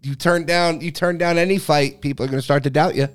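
A man's voice: a little high, steady tone, quick pace, clean tone. A man co-hosting a casual podcast chat, teasing and swearing. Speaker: podcast co-host.

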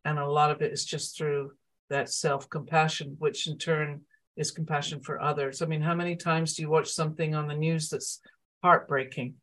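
A woman's voice: deep voice, little pitch movement, moderate pace, fairly bright tone. A woman coach being interviewed as a guest, speaking reflectively and often saying "you know". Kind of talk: conversational interview.

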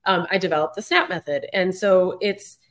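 A woman's voice: lowish voice, normal speed, a bit bright. A woman hosting an interview podcast, casually explaining a method she developed. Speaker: podcast host.

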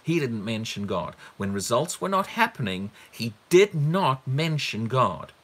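A man's voice: mid-range voice, very animated, unhurried, breathy edge. A man preaching a teaching sermon on a Bible passage, emphatic, repeating words for stress and asking the listeners rhetorical questions.

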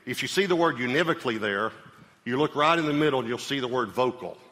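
A man's voice: mid-range voice, animated, quick pace, fairly bright tone. A middle-aged male pastor with a Southern US accent, preaching a sermon in a conversational way, repeating phrases and checking in with his listeners. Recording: live sermon in a reverberant hall.

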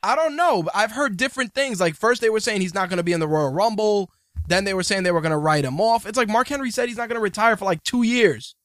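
A man's voice: high voice, lively intonation, quick pace, fairly bright tone, no echo, clean studio sound. A man hosting a podcast, ranting in profane casual banter. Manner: ranting, swearing, mocking. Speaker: podcast host.

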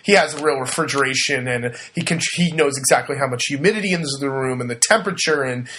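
A man's voice: mid-range voice, fast talker, sharp tone, slight background noise. A man co-hosting a podcast, rambling casually and joking at his own expense. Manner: rambling, jokey and self-deprecating. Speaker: podcast co-host. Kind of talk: casual chat.

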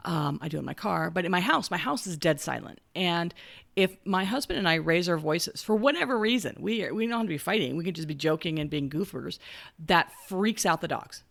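A woman's voice: on the low side, lively intonation, brisk, vocal fry, a bit bright. A woman co-hosting a casual chat, frank and emphatic with blunt asides.

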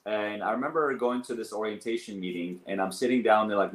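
A man in his thirties, a guest on an interview show, telling stories in an animated, rambling way with many fillers. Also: lowish voice, fairly quick. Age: 30s. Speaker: guest, business owner and coach. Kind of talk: casual storytelling interview. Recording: roomy echo.

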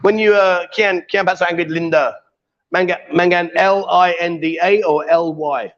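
A man's voice: sits high, steady tone, normal speed, a bit bright, highs cut off. A man hosting a casual live stream, teasing and joking as he reads out viewer comments. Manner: jokey, teasing, coaxing. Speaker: livestream host.

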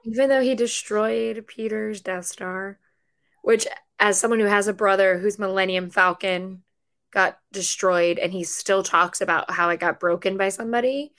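A young woman co-hosting a casual chat, animated and laughing often as she tells stories. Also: mid-range voice, moderate pace. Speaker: podcast co-host.

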